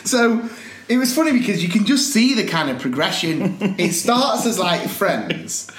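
A man's voice: high voice, sing-song, moderate pace, noisy background. A young man co-hosting a podcast, chatting casually and laughing often as he tells a story. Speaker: podcast co-host. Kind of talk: casual banter. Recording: echoey room.

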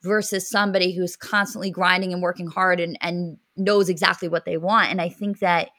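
A woman co-hosting a podcast, chatting casually and a little low for a woman. She talks in quick bursts full of fillers. The sound is dry and close, with no room around it. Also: little pitch movement, fairly bright tone, no echo. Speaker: podcast co-host. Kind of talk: casual chat.

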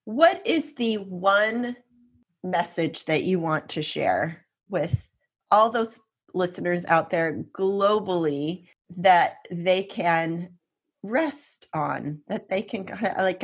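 A woman co-hosts a podcast, asking thoughtful questions at an unhurried pace. Her voice has a soft, breathy edge. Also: lowish voice. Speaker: podcast co-host. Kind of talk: casual interview hosting.

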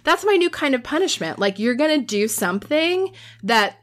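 A woman's voice: sits high, big pitch swings, normal speed. A woman who is a parent of teenagers, chatting candidly and exasperated, laughing at herself now and then. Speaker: parent of teens. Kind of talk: casual chat.

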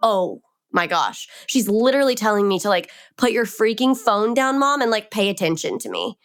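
Young woman cohost, chatty, says like a lot, middle pitch. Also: animated, normal speed, clear, resonant tone. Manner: chatty, warm-hearted, many "like" fillers. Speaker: podcast co-host. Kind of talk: casual podcast chat.

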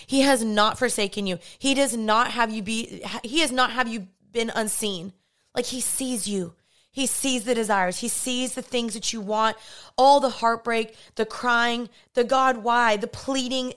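A woman's voice: on the high side, moderate pace, a bit bright. A young woman hosting a faith podcast, speaking in a passionate, emphatic, repetitive way. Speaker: podcast host. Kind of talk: faith-based podcast monologue.

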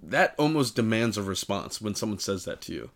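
A young man co-hosting a casual chat, telling stories in an animated way with lots of filler words and quick put-on voices for the people he quotes. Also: fairly low pitch. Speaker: podcast co-host.

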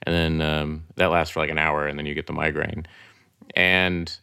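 A man from Oklahoma, a guest in a casual interview, talking in a relaxed way full of "you know" and "like.". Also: extremely low pitch, normal speed, vocal fry, clear, resonant tone, dry recording, clean studio sound.

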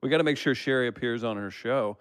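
A man's voice: medium pitch, fast talker, clear, resonant tone, dry recording, studio quality. A man co-hosting a podcast, reading listener comments aloud in casual banter and laughing often. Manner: laughs often while reading, relaxed joking.

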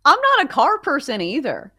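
A woman's voice: high voice, huge pitch swings, a little fast, pushed and bright. A woman co-hosting a sports betting podcast in a playful, teasing, casual way. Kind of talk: casual chat.

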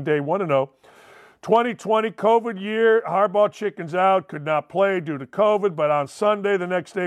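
A brash sports talk host, a middle-aged man with a high voice. He rattles through listener emails and old stories with animated, loud gusto. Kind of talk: sports talk radio monologue.

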